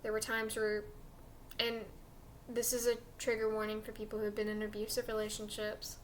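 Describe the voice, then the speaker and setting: A woman's voice: mid-range voice, monotone, moderate pace, slight background noise. A young woman casually telling a personal story in a chatty, emotional way with lots of fillers.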